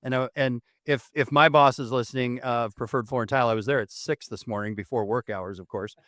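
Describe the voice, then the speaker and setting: A man co-hosting a podcast in casual chat, animated and teasing, laughing often. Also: mid-range voice, fairly quick, dry recording, clean studio sound. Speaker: podcast co-host.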